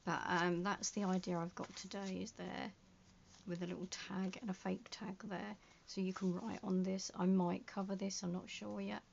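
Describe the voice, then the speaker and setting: A woman with a gravelly, fry-edged voice talks to herself at her craft desk, half-murmuring and often slipping into a whisper. The sound is dull and lo-fi, with a faint hiss underneath. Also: medium pitch, little pitch movement, normal speed. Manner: muttering to herself as she works, often drifting into a whisper. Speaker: junk journal crafter. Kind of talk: casual crafting vlog.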